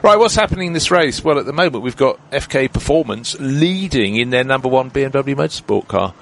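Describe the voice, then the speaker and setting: A man's voice: medium pitch, lively intonation, a little fast, vocal fry. A man giving live motorsport commentary, chatty and explanatory as he breaks down the race. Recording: commentary with loud car noise behind.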